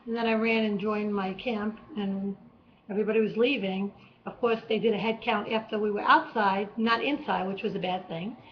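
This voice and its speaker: A woman's voice: mid-range voice, fairly even intonation, normal speed. A woman telling a personal faith testimony in an earnest, emotional way, acting out her own cries as she recalls them. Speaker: vlogger. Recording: dull lo-fi home recording.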